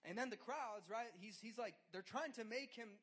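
A man preaching to a youth group in a conversational style, swinging between loud urgency and hushed closeness, with lots of "like". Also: high-pitched, moderate pace, husky. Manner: conversational, filler "like". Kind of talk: sermon.

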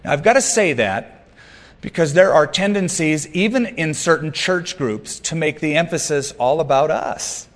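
A man's voice: a little high, expressive, normal speed, in a large hall. A man preaching a sermon as pastor, earnest and emphatic, with light humorous asides.

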